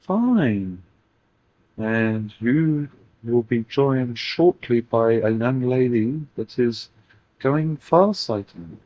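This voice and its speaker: A man channeling a calm guiding spirit with brief, matter-of-fact replies in a channeling session. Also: medium pitch, very slow. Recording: dull dry lo-fi recording.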